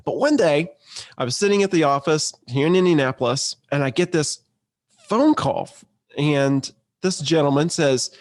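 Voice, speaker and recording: A man tells a business story in a relaxed, conversational way, with the odd restart. His voice sits a little above the usual male range. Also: fairly high pitch, normal speed. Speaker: entrepreneur telling a story. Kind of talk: casual storytelling to camera.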